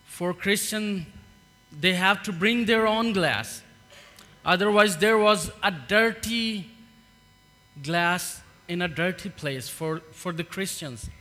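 A man with a Pakistani accent gives a halting church testimony, unhurried and full of pauses. His voice sits high and bright. The sound carries a long hall reverb over a low mains hum. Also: faint music behind. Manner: earnest, halting, with many fillers. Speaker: refugee giving testimony in church.

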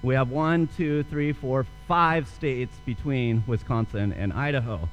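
A man's voice: medium pitch, unhurried, highs cut off, a little hiss or hum. A young man preaching a sermon, telling a story and then asking earnest rhetorical questions. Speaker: pastor.

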